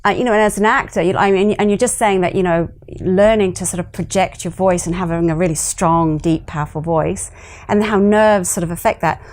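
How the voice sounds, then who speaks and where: A woman's voice: on the low side, a little fast, a little mellow. A woman interviewing a guest, asking questions and encouraging him with frequent murmured agreement.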